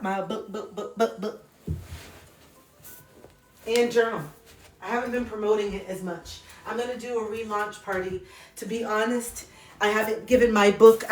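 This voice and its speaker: A woman's voice: mid-range voice, echoey room. A woman in her thirties chatting candidly on a phone livestream, emotional and heartfelt, rambling with restarts. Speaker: livestreamer and card reader.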